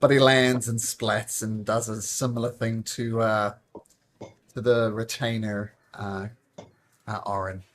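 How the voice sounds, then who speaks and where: A man narrating a tabletop game as game master, animated and laughing, with many restarts. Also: lowish voice, slow, a little hiss or hum.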